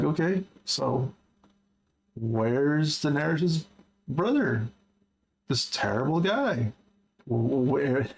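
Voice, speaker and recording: A man's voice: fairly high pitch, vocal fry, a little mellow, breathy edge, poor audio. A man casually recapping a book he read, chatty and wry with lots of asides. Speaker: book journal vlogger.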